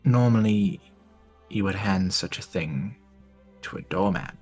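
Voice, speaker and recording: A man playing a tabletop game, measured and precise, correcting others. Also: low voice, a little mellow, breathy edge, faint music behind. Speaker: player. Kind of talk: casual tabletop chat.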